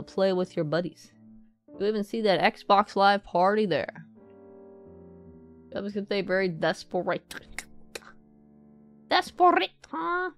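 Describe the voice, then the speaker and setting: A woman streaming a game, talking casually, swearing and joking as she rambles, now and then popping into a squeaky put-on voice. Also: clean tone. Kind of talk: casual live-stream commentary.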